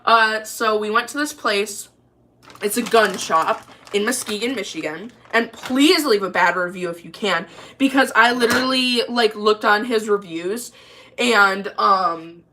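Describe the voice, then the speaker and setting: A woman's voice: fairly high pitch, bright, forceful tone. A young woman telling a story in a casual, rambling way, full of "like" and restarts, while cooking in her kitchen. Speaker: vlogger.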